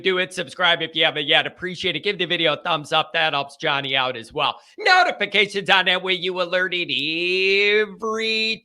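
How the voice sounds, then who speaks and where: A man hosting a live sports talk show, excitable and rambling, often repeating himself. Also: on the high side. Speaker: sports podcast host.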